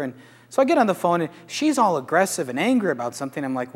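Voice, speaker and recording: A Catholic priest gives a talk to a live audience. He speaks conversationally in a slightly high voice. The sound carries a long hall reverb. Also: quick pace. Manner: conversational, animated, rhetorical questions. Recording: echoey hall.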